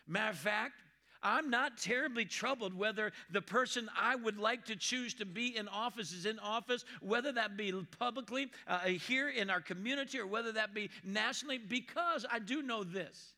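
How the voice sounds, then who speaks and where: A man preaching from the pulpit with a high-pitched, bright, ringing voice. He slows right down to repeat his main points and reads scripture with weight. Between readings he drops into casual asides and asks the congregation for an amen. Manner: emphatic, repeats key lines slowly; reads scripture slowly and deliberately. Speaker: pastor. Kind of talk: sermon.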